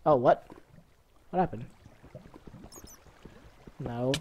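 A woman hosting a gaming channel, giving excitable let's-play commentary and reacting loudly to what happens on screen. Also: rumbling low, extremely slow, husky, lo-fi sound.

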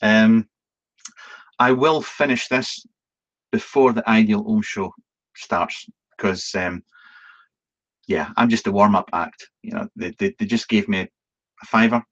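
A man's voice: fairly low pitch, takes it slowly, long pauses. A man hosting a live Q&A video stream, chatting casually and rambling, with plenty of ums, restarts and the odd swear word. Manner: chatty and self-deprecating, swearing now and then. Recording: dull, lo-fi stream audio.

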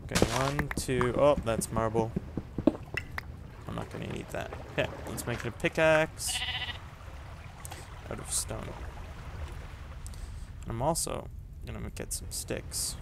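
A man's voice: medium pitch, slow, gravelly, pauses often, noisy background. A man casually commenting on his own survival game, chatty and muttering to himself as he goes. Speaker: gamer playing a survival game. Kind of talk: casual let's-play commentary. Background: loud game music.

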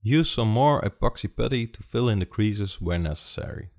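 A man with a Dutch accent giving steady step-by-step instructions in a scripted how-to narration. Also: on the low side, moderate pace. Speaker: tutorial host.

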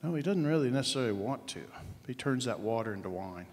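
Animated pastor preaching in a reverberant church. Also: male voice, medium pitch, fast. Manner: conversational storytelling with sudden shouts and hushed asides. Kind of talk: sermon. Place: church sanctuary. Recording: long church hall reverb.

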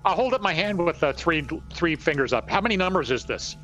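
A man's voice: a little high, animated, fairly quick, bright, forceful tone, highs cut off, soft background music. A man playing a tabletop game with wry, playful remarks. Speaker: player. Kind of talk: tabletop role-play.

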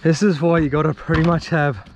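An Australian man vlogging his fishing outdoors, excitedly talking to the fish and the viewers as he fights and lands it. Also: a little high, fairly quick. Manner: excitable, chatty, swears and laughs while fighting fish. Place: outdoors on the water.

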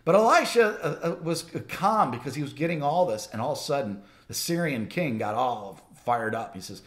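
A man delivering an informal sermon, talking loosely and conversationally in a middle-pitched voice. He often stops and restarts his sentences as he works through his points. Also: expressive, moderate pace, few pauses, a bit bright. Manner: rambling, many restarts, conversational. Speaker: Bible teacher.

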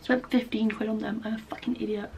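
Young english girl vlogging, swears loads, jokey about herself, kinda high voice. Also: flat delivery, a little fast, darkish tone, breathy edge. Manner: chatty, swears often, self-mocking; bursts into snatches of song. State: tired, low-voiced at night. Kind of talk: casual vlog chat.

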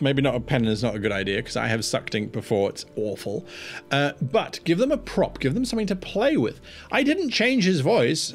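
A man's voice: mid-range voice, big pitch swings, brisk, soft background music. A man who runs tabletop games, chatting casually and animatedly through tips, with rambling asides. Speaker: game master giving tips. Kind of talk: casual tutorial talk.

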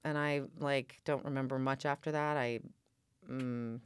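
A woman's voice: very deep voice, measured pace, clean tone, no echo. A woman in her forties, an actress, telling a personal story in a casual interview and acting out what people said. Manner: animated, acts out quoted dialogue. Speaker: guest, actress.

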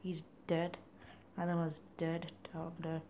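A man casually commenting on his own gameplay in a playful, chatty way, sometimes dropping into soft whispery asides. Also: on the high side, completely flat delivery, a little slow, slight background noise. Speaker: gaming channel host.

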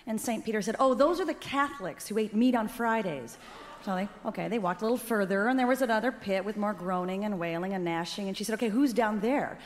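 A woman's voice: medium pitch, quick pace, long reverb tail. A woman telling long jokes in a chatty storytelling manner on a live radio comedy show.

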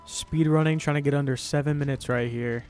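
A man doing let's-play commentary as a gaming YouTuber, excitable, swearing and yelling at the game. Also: fairly high pitch, brisk, faint music behind.

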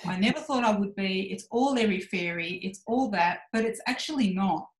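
With a mid-range voice at a moderate pace, a woman in her forties opens up on a podcast, candid and reflective. She gives voice to her inner thoughts as the story unfolds, in a room with an echoey sound.

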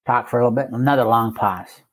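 An older man with a husky voice tells a plainspoken personal recovery story, repeating phrases for effect. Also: mid-range voice, fast talker. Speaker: recovery meeting speaker.

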